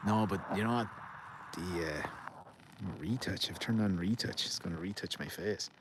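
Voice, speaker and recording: An Irish man live-streams from a garden outdoors, his low voice at normal speed over a noisy background. In casual chat, he rambles and jokes while reading out viewer comments.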